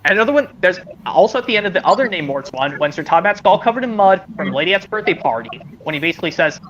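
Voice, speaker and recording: High, lively rambling man on a call. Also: rapid-fire, few pauses, lo-fi sound, slight background noise. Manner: rambling, hesitant, with many restarts. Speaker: streamer. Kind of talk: casual chat.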